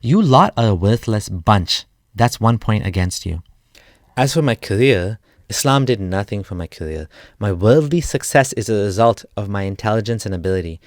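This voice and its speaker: Low-voiced man in a cutting rebuttal. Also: animated, normal speed, no echo, clean studio sound. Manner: cutting, sarcastic, point-by-point rebuttal. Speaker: ex-Muslim YouTuber. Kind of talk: argumentative response monologue.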